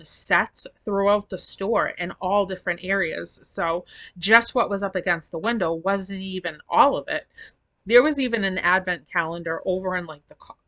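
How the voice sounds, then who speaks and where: A woman's voice: mid-range voice, pushed and bright, dry recording. A middle-aged woman vlogging in a rambling, chatty way, feeling sick with a sore throat. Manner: chatty, rambling, affectionate to viewers. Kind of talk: casual chat to camera.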